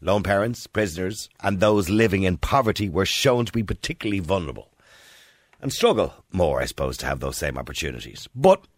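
A man's voice: low voice, sing-song, fairly quick, no room sound. Chatty Dublin man hosting a radio phone-in. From Ireland. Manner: chatty, rhetorical questions, mimics accents. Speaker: radio presenter. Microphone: studio microphone.

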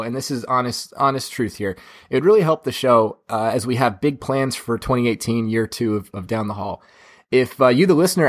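A man hosting a movie podcast in casual chat, with a dry, teasing way of talking. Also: medium pitch. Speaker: podcast host.

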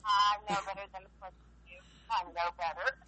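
A woman's voice: mid-range voice, fairly even intonation, moderate pace, over a noisy crowd, poor audio. A woman with an East Coast US accent calling in over the phone, chatting and telling rambling stories. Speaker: caller. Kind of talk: casual chat. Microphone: phone line over speaker.

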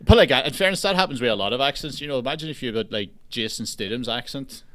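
A young man with a Donegal Irish accent from the border area, chatting casually on a podcast in a flat, deadpan, unimpressed-sounding way. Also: mid-range voice, fast talker, dry recording. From Donegal, Ireland. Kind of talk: casual chat.

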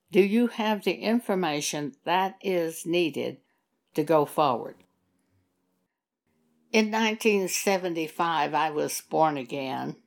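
A woman preaching a sermon in a slow, measured teaching manner. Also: lowish voice, darkish tone. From Texas.

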